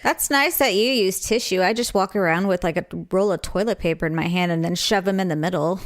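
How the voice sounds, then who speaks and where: A woman's voice: lowish voice, brisk, dry recording, clean studio sound. A woman co-hosting a podcast in casual chat, teasing and blunt, laughing along with her sister. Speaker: podcast co-host.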